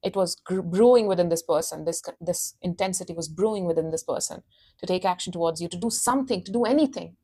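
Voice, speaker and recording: A woman's voice: fairly low pitch, fast talker, dark tone, slightly rough. A woman giving a casual tarot reading, intense and emphatic, repeating her phrases and calling the listener honey. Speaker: tarot reader.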